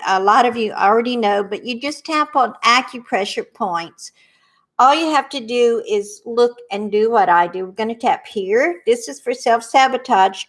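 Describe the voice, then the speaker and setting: A woman who works as an intuitive, leading a guided tapping workshop in slow, soothing repetition for viewers to follow. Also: on the high side, fairly bright tone.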